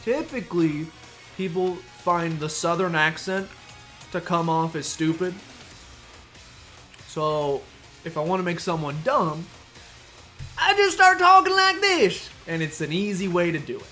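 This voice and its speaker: Man, high voice, chatty gameplay commentary, playful asides, faint game music behind. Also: unhurried, pauses often, fairly bright tone. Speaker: let's play streamer.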